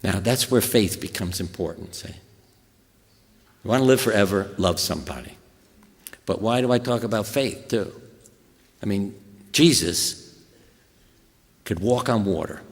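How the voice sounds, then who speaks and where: An older American man giving a talk to an audience, telling stories in an animated, anecdotal way. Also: fairly low pitch, moderate pace, creaky, long pauses. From USA. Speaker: guest speaker. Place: hospital auditorium. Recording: echoey hall reverb.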